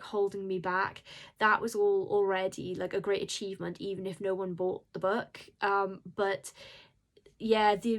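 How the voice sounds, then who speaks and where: Woman horror author vlogging to camera; emotional, rambling, keeps apologizing, mid-pitched voice. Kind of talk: casual vlog talk.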